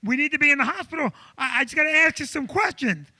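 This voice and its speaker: A male comedian voicing a calm, patronizing doctor who explains things matter-of-factly. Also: very high-pitched, no room sound, heavily acted. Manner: measured, apologetic, matter-of-fact.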